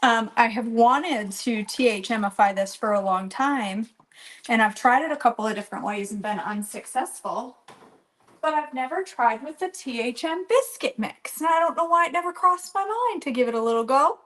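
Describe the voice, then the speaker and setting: A woman's voice: on the high side, expressive, normal speed, a bit bright. A woman hosting a live cooking stream from her home kitchen, chatting and rambling as she greets viewers by name. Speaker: cooking channel host.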